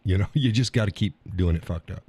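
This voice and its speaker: A man's voice: low-pitched, fairly quick, warm tone, breathy edge, no echo. A man hosting a casual live stream, joking in a folksy way, reading viewers' comments aloud and laughing often.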